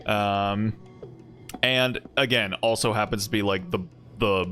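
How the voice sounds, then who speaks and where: A man's voice: fairly low pitch, fairly even intonation, unhurried, bright, forceful tone. A man streaming a game and chatting casually, rambling and joking playfully with viewers. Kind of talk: casual live-stream commentary. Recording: stream with faint game music.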